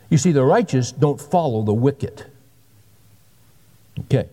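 A man's voice: mid-range voice, expressive, a little slow, pauses often, mellow, in a large hall. A pastor in his sixties giving a sermon with folksy, joking asides. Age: 60s.

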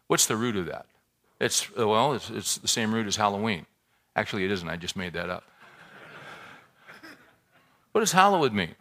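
A male pastor preaches a sermon in a church. He talks casually and asks the congregation questions, repeating words as he builds a point. His pitch leaps high and falls low as his delivery rises and sinks. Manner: conversational, animated preaching with rhetorical questions and repetitions.

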